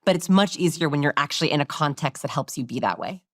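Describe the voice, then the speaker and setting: A woman guest explaining body language in an interview, animated and sometimes acting out how others talk. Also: low-pitched, quick pace, no room sound, clean studio sound. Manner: animated, demonstrates voices while explaining.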